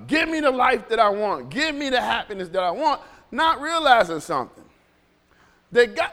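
A man preaching a sermon in a church, animated and joking, often laughing as he talks. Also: very high-pitched, long reverb tail. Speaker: pastor.

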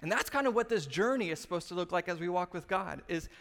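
High-voiced male pastor in a reverberant hall. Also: fast, hardly any pauses. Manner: animated storytelling, acts out quotes. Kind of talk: sermon. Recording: long reverb of a large room.

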